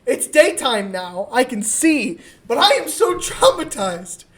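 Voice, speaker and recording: A woman co-hosting a podcast, telling a comic story in a casual, profane and animated way. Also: high-pitched, takes it slowly. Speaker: podcast co-host.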